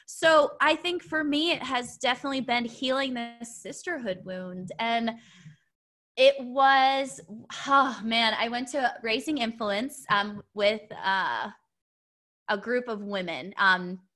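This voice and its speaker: A woman's voice: fairly high pitch, slow, bright, forceful tone. A woman telling a heartfelt personal story in casual conversation, rambling with many fillers and restarts. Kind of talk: casual podcast chat.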